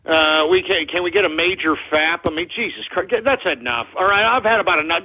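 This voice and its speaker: A man's voice: on the high side, a little fast, few pauses, slightly rough. A man with a Texan accent hosting a talk radio show, ranting belligerently and hurling profane insults at his listeners. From Texas. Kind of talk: abrasive call-in radio rant. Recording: phone-like lo-fi radio audio.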